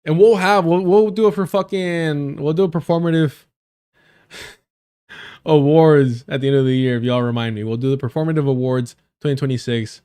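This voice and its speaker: Brief: male stream host, slightly high voice, blunt and profane, repeats himself for emphasis. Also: moderate pace, warm tone, clean tone. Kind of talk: casual commentary while reacting to clips.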